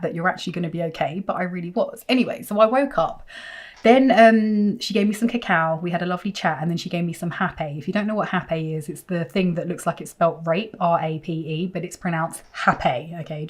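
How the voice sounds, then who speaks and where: A woman vlogging, telling a personal story to camera with emphatic, animated delivery and sudden leaps in pitch. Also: a little fast.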